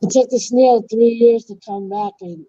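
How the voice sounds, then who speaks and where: This woman hosts a livestream, her warm voice on the high side with fairly even intonation and normal speed, and the highs sound cut off. Casually delivering long jokes, she trails off, restarts, corrects herself partway through and laughs at her punchlines.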